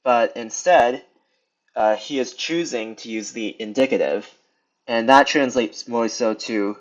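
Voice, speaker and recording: A young man giving a casual screen lesson, talking through it with many pauses, ums and restarts. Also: medium pitch. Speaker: video tutor. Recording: slightly dull lo-fi sound.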